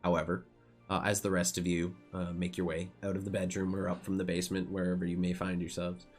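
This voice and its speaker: A man's voice: sits low, monotone, fast, soft background music. A man narrating as game master of a tabletop game, laid-back and rambling, swearing casually.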